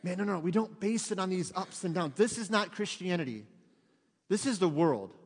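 A man with a high voice preaches a sermon in a church. He talks to the congregation in a lively, chatty way and acts out little quotes. His voice rings with long reverb from the sanctuary. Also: normal speed, slightly rough. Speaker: pastor.

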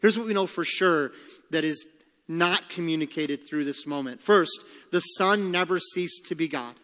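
A man's voice: a little high, moderate pace, pushed and bright, long reverb tail. A man preaching a sermon as pastor, emphatic, repeating key lines and asking rhetorical questions.

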